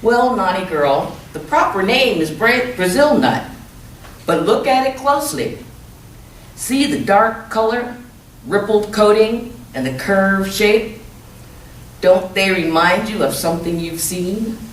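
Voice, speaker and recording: A gruff, sneering old grandfather with a thick accent drawls slowly, as a woman reads him aloud. He sounds distant in an echoey room, with faint ambient noise. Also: mid-range voice, animated, pitched above the performer's own voice. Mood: taunting. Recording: echoey room, mic far off.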